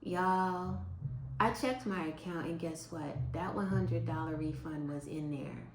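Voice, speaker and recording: A woman, telling stories to her viewers in a chatty, expressive way. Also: fairly low pitch, measured pace, reverberant, a little hiss or hum. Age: 50s. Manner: chatty and expressive, quotes people in lively voices. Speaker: vlogger. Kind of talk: casual storytelling to viewers.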